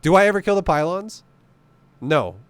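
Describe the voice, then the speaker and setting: A man's voice: high-pitched, expressive, normal speed, clean tone, dry recording. A man giving casual, profane gameplay commentary, blunt and joking as he explains strategy. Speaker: game commentator.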